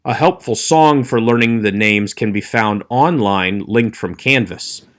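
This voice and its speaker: A man teaching an online Hebrew class, explaining letters in a clear, measured way and slowing down to demonstrate sounds. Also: on the low side. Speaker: Hebrew instructor. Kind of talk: recorded online lecture.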